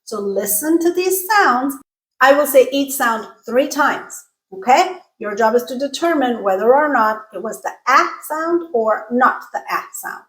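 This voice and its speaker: Woman coaching pronunciation, slightly high voice. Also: expressive, fairly bright tone. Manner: clear, coaching, repeats sounds slowly for drills. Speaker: pronunciation teacher. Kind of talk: online English pronunciation lesson. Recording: roomy echo.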